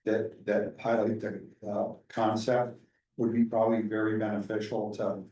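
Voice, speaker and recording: A man on a town commission making a suggestion during a public meeting, in a measured way with a few restarts. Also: on the low side. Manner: even, measured, some restarts. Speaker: commission member. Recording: roomy, distant meeting audio.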